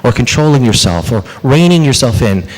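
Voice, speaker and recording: Pastor guy preaching in a church, bouncy animated delivery, big echoey sanctuary sound. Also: medium pitch, a little fast. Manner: animated preaching with rhetorical questions and quoted asides. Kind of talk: sermon.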